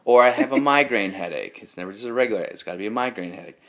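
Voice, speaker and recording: A man, a comedian guest in a casual podcast chat, telling animated stories and acting out other people. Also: on the low side, very fast. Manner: animated storytelling, acts out other people with raised voice.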